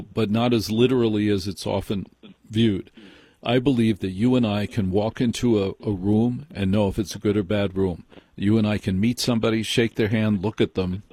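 A man hosting a late-night call-in radio show, speaking in measured, emphatic declarations. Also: lowish voice, darkish tone, breathy edge, no echo. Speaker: radio host. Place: radio studio.

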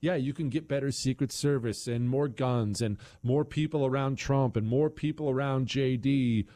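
A man's voice: mid-range voice, normal speed, mellow. A man hosting a political talk radio show, ranting in a heated, emphatic way.

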